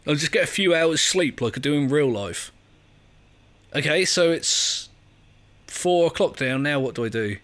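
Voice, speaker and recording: An English man in let's play mode, chattering away and poking fun at himself as he fumbles through a game. His voice sits a bit high and leaps about in pitch. He laughs easily and reads the prompts out loud. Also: animated, unhurried, long pauses. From England. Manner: chatty, self-mocking, laughs often, reads on-screen text aloud. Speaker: gaming video creator.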